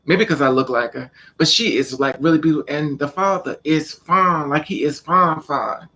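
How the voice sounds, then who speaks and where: A man's voice: a little high, moderate pace, pushed and bright. A man telling a personal story in a casual vlog, acting out scenes and repeating words for emphasis. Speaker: vlogger.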